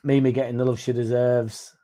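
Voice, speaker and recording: Young man, casual live-stream host, reads chat aloud, mellow voice. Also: mid-range voice, level tone, a little fast. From England. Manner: chatty, sweary, reads comments aloud. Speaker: fan channel host reading live chat.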